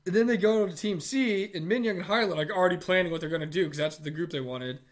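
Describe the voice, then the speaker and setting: A man co-hosting a casual chat, retelling a TV episode with lively acted-out quotes. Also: high-pitched, fast. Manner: animated retelling, acts out quotes in a raised voice. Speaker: podcast co-host. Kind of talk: casual chat recapping a TV show.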